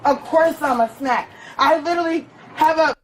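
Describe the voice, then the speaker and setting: A woman's voice: high-pitched, normal speed, slight background noise, rough recording. A woman detained at a gas station, crying and arguing insistently with a police officer. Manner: upset, argumentative, insistent. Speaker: detained customer.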